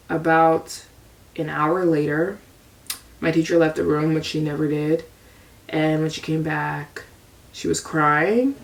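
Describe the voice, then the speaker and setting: Young woman, deep voice, gravelly, unhurried candid vlog storytelling, set back from the mic. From United States. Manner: confessional, rambling, frequent repeats. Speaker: vlogger. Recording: voice distant from the mic.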